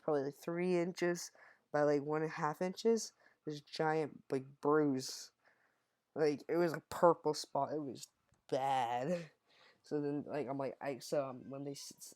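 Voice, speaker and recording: A man's voice: fairly high pitch, steady tone, normal speed, darkish tone. A young man telling a childhood story in a casual, rambling way, often correcting himself mid-sentence. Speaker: storyteller vlogger.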